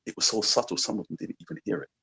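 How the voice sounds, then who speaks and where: Heard on a rough recording, this Londoner talks at a racing clip with a sharp tone, his accent carrying a faint American twang. As a musician guest in a laid-back radio interview, he muses reflectively and meanders, peppering his speech with "you know" and "like."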